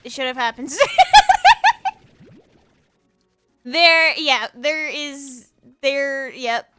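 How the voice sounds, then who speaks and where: High, bright-voiced playful streamer woman. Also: slow pace, no echo, faint music behind. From United States. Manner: chaotic, playful, laughs often, teases chat. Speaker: VTuber streamer. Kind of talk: casual live-stream chat with viewers.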